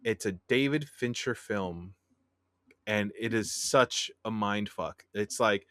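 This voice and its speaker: A man's voice: fairly low pitch, slow pace, fairly bright tone, smooth, dry recording, studio quality. Enthusiastic man recommending a film. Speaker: podcast co-host. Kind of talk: casual chat.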